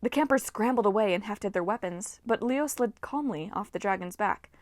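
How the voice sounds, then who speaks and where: Expressive woman reading a storybook. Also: medium pitch, moderate pace, no room sound. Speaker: audiobook reader. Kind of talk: storybook narration.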